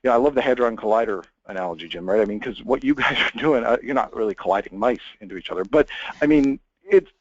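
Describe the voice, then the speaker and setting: A man's voice: medium pitch, lively intonation, fast, no room sound, dull audio. A man giving a conversational technical webinar presentation, chatty, with many fillers and restarts.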